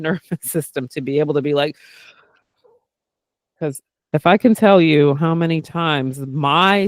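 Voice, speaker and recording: A man talking in a casual podcast chat, candid and animated, with a fairly high voice. He swears freely and tucks "like" and "right?" into almost every thought. The sound is close and dry. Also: no echo. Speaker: podcast host and therapist doing intuitive work.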